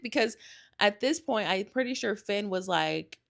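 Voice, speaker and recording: A young woman hosts a casual solo podcast, her medium-pitched voice brisk, creaky, and fairly bright. She gushes and rambles, saying "like" often and correcting herself frequently.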